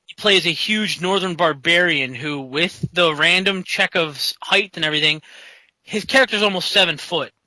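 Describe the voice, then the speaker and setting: A man with a high, very bright voice tells stories in a relaxed conversation and slips into quoted voices as he goes. The sound is dry and close to the mic, with no room around it. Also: moderate pace, no room sound, low-quality recording. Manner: animated anecdote-teller who acts out quotes. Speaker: guest in a casual tabletop-gaming chat. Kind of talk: casual storytelling chat.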